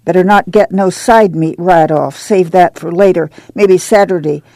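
A man's voice: sits high, normal speed, darkish tone, no echo, voice pushed up, natural voice. A man voicing an eager, hopeful older farm mother who babbles on in folksy rural speech.

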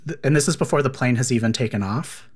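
Interviewer, curious follow-up questions, short reactions, mid-pitched voice. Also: fast, husky. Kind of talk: conversational interview.

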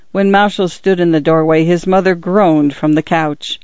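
A woman reading short stories aloud as the narrator of a reading service, measured and even. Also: fairly low pitch, clean tone, dry recording. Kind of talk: scripted narration. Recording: dull, dry lo-fi recording.

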